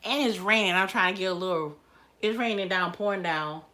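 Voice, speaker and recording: A woman's voice: mid-range voice, fairly quick, sharp tone. A woman chatting casually on a live stream, emotional and repetitive. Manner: emotional, chatty, repeats herself. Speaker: livestreamer.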